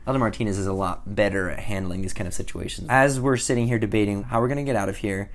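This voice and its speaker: Young guy vlogging a story, jumps from whispers to loud bursts, pretty excitable. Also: fairly low pitch, fast talker, hardly any pauses. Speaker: vlogger telling a mission story. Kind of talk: animated storytelling to camera.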